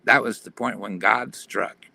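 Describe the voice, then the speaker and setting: Man, gravelly, bright edge, earnest testimony, plain-spoken, video call. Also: on the low side, steady tone, measured pace, no room sound. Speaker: guest telling his testimony.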